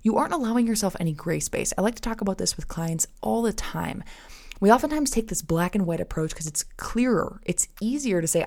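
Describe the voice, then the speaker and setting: A woman in her thirties hosts a faith-based nutrition podcast, speaking to listeners like friends and acting out little inner voices in asides. Her medium-pitched voice is lively, fairly quick, and darkish in tone.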